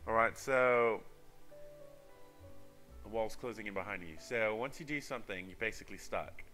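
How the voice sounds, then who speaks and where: A man's voice: on the low side, moderate pace, long pauses, sharp tone. A man hosting a let's play, reading a text adventure game aloud and commenting casually with frequent ums. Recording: faint music underneath.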